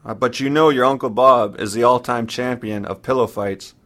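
A man's voice: medium pitch, steady tone, normal speed, a bit bright, close to an everyday voice. A man voicing a playful middle-aged uncle who teases his nephew. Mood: jovial. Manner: teasing, jovial.

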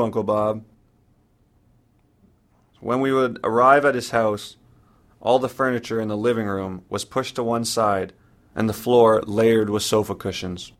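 A man narrating a personal story in the first person, in a somber, measured way. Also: fairly low pitch, fairly bright tone.

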